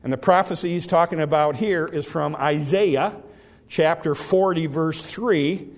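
A man preaches in a folksy, conversational way, his voice sitting a little high for a man. He stumbles and repeats words now and then, and draws out the scripture he reads aloud. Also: a little slow. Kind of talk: sermon, Bible teaching.

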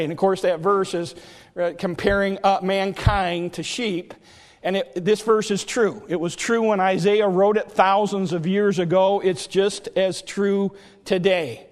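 A man's voice: high voice, steady tone, normal speed. A man preaching a sermon as pastor, in a folksy, conversational way with frequent hesitations. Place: church sanctuary. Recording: long hall reverb.

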